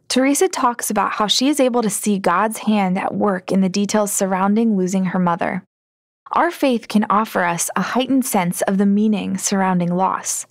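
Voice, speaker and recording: Brief: woman narrator, mid pitch, gentle scripted read, very dry studio sound. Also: no echo. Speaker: host narrator.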